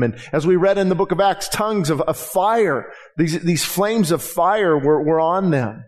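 A man's voice: fairly high pitch, moderate pace, hardly any pauses. A man preaching a sermon as pastor, impassioned, with frequent restarts and rising emphasis. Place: church sanctuary.

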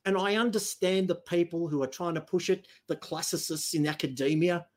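A man's voice: normal speed, a little mellow. Profane ranting Australian man. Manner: blunt, profane, ranting with sudden high emphatic jumps. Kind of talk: heated political chat.

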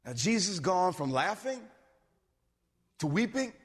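A man preaching a sermon, animated, swinging between loud bursts and low asides. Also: unhurried, breathy edge. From suburbs. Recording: long reverb of a hall.

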